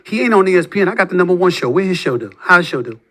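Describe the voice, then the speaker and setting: A man in his fifties delivering a heated, combative monologue as a sports talk host, taunting with rhetorical questions and swinging between low muttering and loud outbursts. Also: expressive, very fast. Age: 50s.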